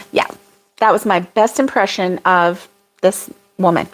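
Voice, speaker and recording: A woman's voice: fairly low pitch, fairly even intonation, a little slow. A woman hosting a casual livestream chat with viewers, rambling and laughing often. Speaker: crochet channel host.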